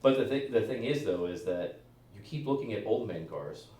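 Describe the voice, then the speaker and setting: A man co-hosting a podcast, teasing his friend with quick questions. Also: on the low side, lively intonation, mellow, far from the mic. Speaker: podcast co-host. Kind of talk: casual chat. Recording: roomy and off-mic.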